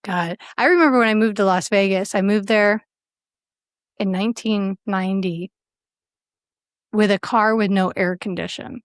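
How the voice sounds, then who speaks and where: A middle-aged woman chatting as a guest comedian, lively and quick to laugh as she tells stories. Her voice sits in a middle range and sounds dry and close, with no room around it. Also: mid-range voice, no room sound. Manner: animated, laughing storyteller. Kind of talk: casual podcast chat.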